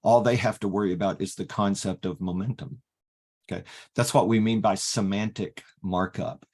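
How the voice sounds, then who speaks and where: A man leading an online workshop, explaining software step by step and often pausing with "okay" to restart. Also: fairly low pitch. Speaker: workshop facilitator teaching LaTeX. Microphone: video call.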